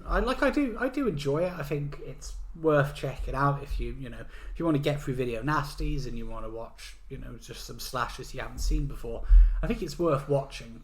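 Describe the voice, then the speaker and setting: A man's voice: mid-range voice, expressive, normal speed, few pauses, rough recording. A man co-hosting a podcast in a casual, jokey chat, swearing now and then. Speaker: podcast co-host.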